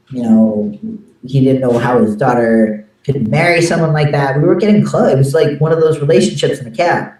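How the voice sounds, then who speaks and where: Man, interviewee, mellow voice, halting earnest retelling, booming echo, heard from a distance. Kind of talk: personal account. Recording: very echoey room, distant from the mic.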